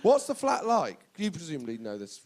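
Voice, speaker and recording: A man co-hosting a radio show, teasing the storyteller with quick questions. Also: a little high, wildly swooping pitch, a little mellow. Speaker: radio co-host. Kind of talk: radio banter.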